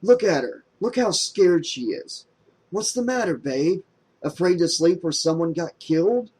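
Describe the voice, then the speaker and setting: A man voicing a brash, excitable young man in an audiobook, loud and leaping high in pitch. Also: a little slow, husky, full character voice. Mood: excited, teasing. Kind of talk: audiobook character voice.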